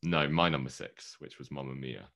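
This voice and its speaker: A man co-hosting a podcast in casual chat, with a bass voice, teasing and laughing often. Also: normal speed, vocal fry, fairly bright tone. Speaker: podcast co-host.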